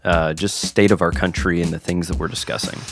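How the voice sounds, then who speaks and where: A man's voice: sits low, fairly even intonation, brisk, a little hiss or hum. A man from Nashville with a Tennessee accent, co-hosting a casual podcast chat, joking and laughing easily. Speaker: podcast co-host.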